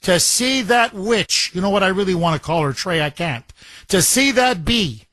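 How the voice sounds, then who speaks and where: Radio talk show guy, high voice, rambles and gets worked up, dry close studio mic. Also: moderate pace, no echo. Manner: excitable, rambling, emphatic. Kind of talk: talk radio, taking calls. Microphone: studio microphone.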